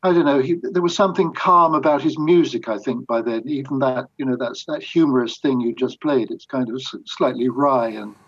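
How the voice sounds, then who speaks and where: A man's voice: medium pitch, brisk, hardly any pauses, a bit bright, dull audio. An older man, a biographer, answering interview questions in a reflective, anecdotal way with hesitant restarts. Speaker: biographer guest.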